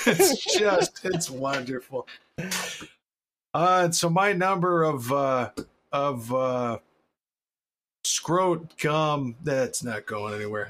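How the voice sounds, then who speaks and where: A man's voice: on the high side, a bit bright, slight background noise. A man co-hosting a podcast in casual comedic chat, rambling and crude, often losing his train of thought. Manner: rambling, crude and jokey, trails off. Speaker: podcast co-host.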